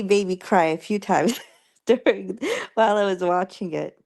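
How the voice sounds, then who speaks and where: A young woman streamer chatting casually with her viewers, rambling and halting with many fillers and restarts. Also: mid-range voice, creaky, darkish tone.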